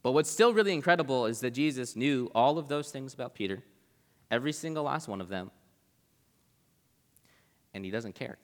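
A man's voice: medium pitch, animated, normal speed, long pauses. A young man giving a casual Bible talk as a preacher, chatty and conversational, with lots of "like" in his speech. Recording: long reverb of a large hall.

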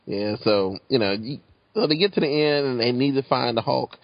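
A man joking through a casual movie chat, wry and relaxed. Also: medium pitch, normal speed, no room sound, highs cut off.

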